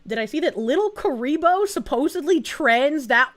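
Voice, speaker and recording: A woman streamer chatting live, reacting fast and swearing freely while thanking donors. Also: high voice. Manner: excitable, profane, quick reactions with frequent laughs. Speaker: VTuber streamer. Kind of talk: casual live-stream chat reading donations.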